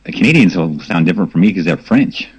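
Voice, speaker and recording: A man's voice: low-pitched, expressive, fast, a little mellow, breathy edge, no room sound, rough recording. An American man co-hosting a casual online radio show, teasing and playful. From United States. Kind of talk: casual banter.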